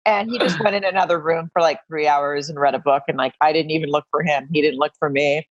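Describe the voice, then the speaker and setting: A woman's voice: low voice, fairly even intonation, fast talker, no echo, lo-fi sound. A middle-aged woman from Arkansas, chatting as a podcast guest in a self-deprecating way, with many trailing restarts. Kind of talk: casual podcast chat.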